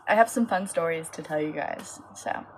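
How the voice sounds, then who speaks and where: A woman's voice: normal speed, a little hiss or hum. Tired young woman vlogging. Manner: tired, rambling, animated with high-pitched quoted voices. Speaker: small business owner vlogging. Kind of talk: casual storytime vlog.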